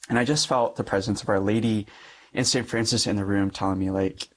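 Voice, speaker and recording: A man's voice: on the low side, steady tone, brisk. A young man, a Catholic priest, earnestly telling a personal story in an interview and often laughing between sentences.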